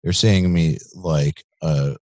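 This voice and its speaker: A man with a very low voice speaking candidly as a podcast guest. His delivery is blunt and straightforward, and the sound is dry with no room echo. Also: fairly even intonation, slow, darkish tone. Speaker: podcast guest, company CEO. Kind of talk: casual interview chat.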